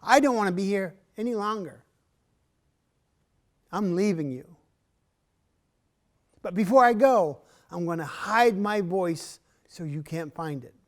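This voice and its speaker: A man voicing an indignant male spirit bird who accuses people loudly, in an arts center performance space. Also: high-pitched, lively intonation, unhurried, long pauses, pitched above the performer's own voice. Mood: angry, betrayed. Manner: accusing, rising to loud outbursts.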